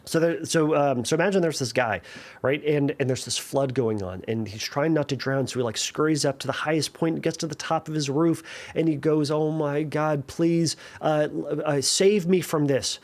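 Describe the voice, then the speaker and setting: A man's voice: on the high side, a little fast. A man hosting a podcast, talking casually and answering a listener's question, with frequent fillers and restarts. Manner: conversational, many fillers and restarts, tells jokes with animated voices. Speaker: podcast host. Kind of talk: casual chat.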